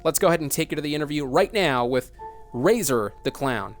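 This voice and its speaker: A man's voice: on the high side, animated, fairly quick, soft background music. A man as broadcast announcer, giving a scripted dramatic news report in an urgent, emphatic way.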